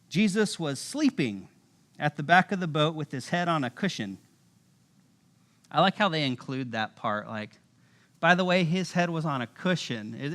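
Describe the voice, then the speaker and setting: Animated high-voiced man preaching. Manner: casual, animated storytelling with voiced asides. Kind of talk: sermon. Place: church.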